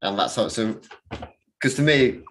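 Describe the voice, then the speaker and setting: A man's voice: medium pitch, unhurried, a bit bright, rough recording. A man hosting a film podcast, talking casually and rambling with many fillers and restarts. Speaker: podcast host. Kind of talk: casual chat.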